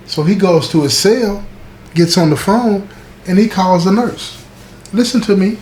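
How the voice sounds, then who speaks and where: A man's voice: sits high, moderate pace, darkish tone. A man telling a true-style story in a casual, emphatic way, talking straight to the listener. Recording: echoey room with faint background noise.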